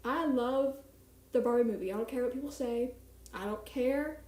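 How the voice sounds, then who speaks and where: A woman's voice: a little high, normal speed, a little mellow, echoey room. A young woman streamer chatting casually and rambling, with a self-mocking manner, in a small home apartment at night. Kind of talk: casual live-stream chat.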